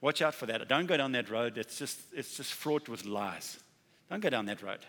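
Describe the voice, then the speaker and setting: A male pastor delivering a sermon in a large, echoing hall, where the long reverb trails after each phrase. His pitch sits in the middle range. He talks conversationally and drives his points home by repeating key words and acting out short exchanges. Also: expressive, moderate pace, fairly bright tone. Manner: conversational preaching with acted-out dialogue and emphatic repetition.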